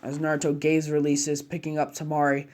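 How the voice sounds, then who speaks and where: A man's voice: a little high, completely flat delivery, a little fast, a little mellow. A man narrating a fan-made story casually, chaining run-on clauses with slang and fillers.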